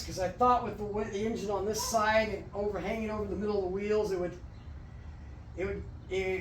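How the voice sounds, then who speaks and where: A man with a fairly high voice talks his way through a home workshop project, rambling and restarting his sentences. He sounds a little out of breath. The garage around him is echoey, with a faint hum of noise behind. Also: darkish tone. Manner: rambling, halting, many restarts. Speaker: garage channel host. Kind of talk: casual workshop vlog.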